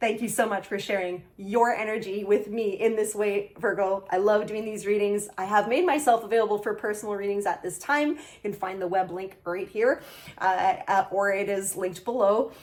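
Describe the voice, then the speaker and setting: A woman's voice: medium pitch, normal speed. A woman giving a channeled tarot reading, enthusiastic and affirming as she speaks straight to the viewer. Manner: enthusiastic, excitable, gushing; spiritual, affirming tone addressing the viewer directly. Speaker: tarot reader.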